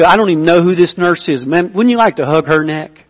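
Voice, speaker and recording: A man preaching a sermon as pastor, telling stories with lively emphasis and dropping to a hushed voice. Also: on the high side, fairly quick, muffled recording. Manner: animated storytelling, swings between loud emphasis and hushed intimacy. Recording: long hall reverb.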